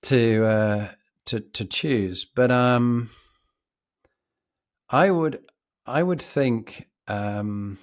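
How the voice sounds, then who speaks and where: Man, posh British accent, podcast guest, reflective, vivid storytelling, mid pitch. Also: drawn-out words, long pauses. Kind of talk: anecdotal storytelling.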